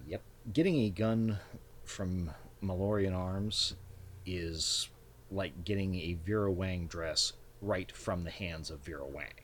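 A man narrating as game master of a tabletop game, relaxed and descriptive. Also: sits low, slow, a little hiss or hum.

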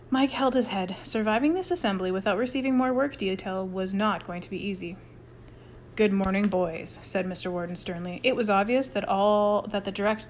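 Woman reading a kids book aloud, even and clear. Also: mid-range voice, a little hiss or hum. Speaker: audiobook reader. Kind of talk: scripted narration.

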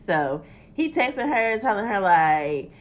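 A woman's voice: mid-range voice, big pitch swings, measured pace. A young woman telling a story in casual chat, acting out the quotes and swearing freely. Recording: dull lo-fi recording.

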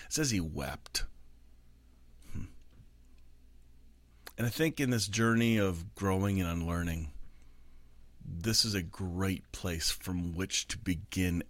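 A male pastor with a lowish voice talks through a reflective faith message, earnest and conversational, stopping to think with frequent ums. The sound is dry and close, with no room echo around it. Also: takes it slowly, pauses often.

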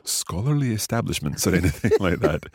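Low husky male language host. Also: sing-song, a little fast, darkish tone, no echo, clean studio sound. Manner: friendly, laughs often, guides the lesson. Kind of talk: casual teaching chat.

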